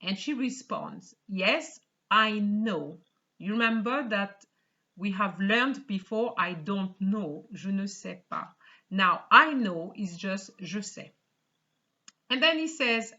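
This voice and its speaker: A woman's voice: medium pitch, expressive, slow pace, pushed and bright. A woman teaching a beginner French lesson in English. She reads short French dialogue lines, then explains them patiently and often checks in with the learner. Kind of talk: slow explanatory language lesson. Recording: slightly dull lo-fi sound.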